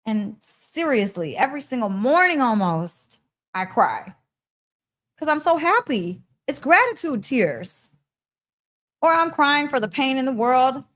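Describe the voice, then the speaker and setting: Woman, higher voice, effusive and laughing, casual spiritual pep talk. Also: sing-song, a little slow, a bit bright. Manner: effusive, laughing, heartfelt and emphatic. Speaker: podcast host.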